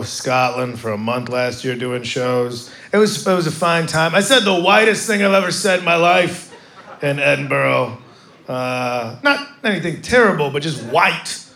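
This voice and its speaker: An American man doing a stand-up comedy set on stage, telling stories in an animated way and jumping to loud bits. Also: medium pitch, a little slow, creaky. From United States. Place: comedy stage with live audience. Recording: live stage mic with audience noise.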